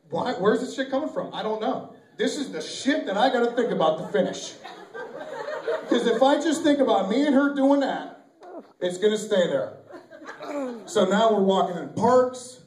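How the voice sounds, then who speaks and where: Animated man doing stand-up. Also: high-pitched, normal speed. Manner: loud, animated, acts out voices with shouts. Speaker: stand-up comedian. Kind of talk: stand-up routine. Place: small venue with live audience. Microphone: camcorder from far off. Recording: echoey amateur video from a distance.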